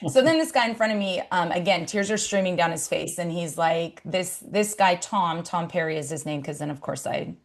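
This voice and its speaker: Woman speaker, low-ish voice, relaxed sermon storytelling, loose and chatty, lots of fillers. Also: moderate pace, few pauses. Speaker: speaker at a campus ministry gathering.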